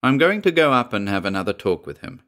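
A man voicing a kindly, practical doctor who speaks in a soothing, measured way. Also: medium pitch, very animated, bright, forceful tone. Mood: reassuring.

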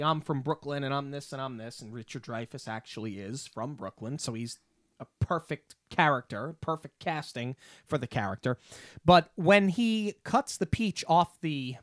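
A man's voice: on the high side, fairly bright tone, dry recording, clean studio sound. A man co-hosting a casual podcast who retells scenes with enthusiasm. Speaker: podcast co-host. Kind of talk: casual film discussion.

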